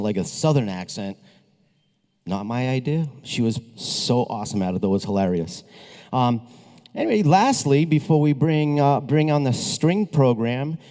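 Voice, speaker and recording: A man's voice: medium pitch, mellow. A man leading a school concert, speaking to the audience between pieces in a chatty, upbeat way with restarts and asides. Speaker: school band director. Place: school auditorium. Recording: long reverb of a large hall.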